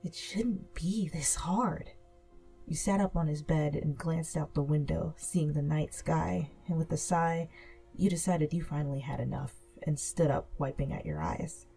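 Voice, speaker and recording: Woman reading a fanfic story, low dark gravelly voice, soft and slow. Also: steady tone. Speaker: narrator. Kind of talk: second-person fanfic narration. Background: soft music.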